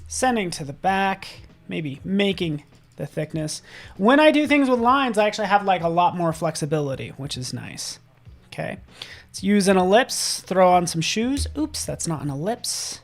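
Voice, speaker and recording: A man giving a live software tutorial, upbeat and chatty, often checking in with "right?" as he works on a drawing. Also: high-pitched, big pitch swings, measured pace, vocal fry. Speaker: design instructor.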